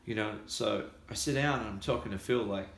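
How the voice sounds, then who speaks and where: An Australian man spinning a lively story in casual chat, slipping into the voices of the people in it. His low voice has a gravelly edge yet sounds bright and forceful. The room around him is echoey. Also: fairly quick. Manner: animated storyteller acting out quoted voices. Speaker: musician.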